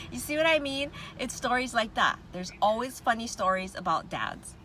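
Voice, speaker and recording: Speaking a little slowly, a woman with a higher-pitched, animated, sharp-toned voice chats casually on a livestream from her car. She greets viewers and laughs frequently. The car is parked with the windows down, letting in faint traffic noise.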